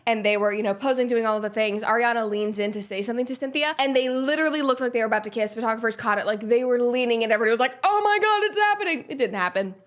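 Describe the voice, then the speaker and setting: A woman hosts a casual commentary show in a high, bright-sounding voice. She talks in a sarcastic, animated way and breaks into laughs between points. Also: racing, hardly any pauses. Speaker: show host. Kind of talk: casual pop-culture commentary.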